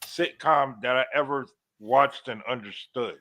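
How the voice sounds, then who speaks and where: A man in his forties chats loosely on a trivia livestream, teasing his co-host and rambling with restarts. His voice is bright and forward, at a middle pitch for a man. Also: a little slow. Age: 40s. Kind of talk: casual chat on a trivia livestream.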